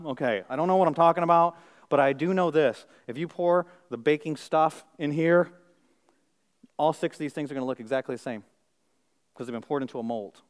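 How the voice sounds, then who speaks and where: A man delivers a sermon in a somewhat higher-pitched voice. He talks conversationally, drops into quiet asides, then climbs to loud, emphatic peaks, with a self-deprecating streak. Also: brisk. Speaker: pastor.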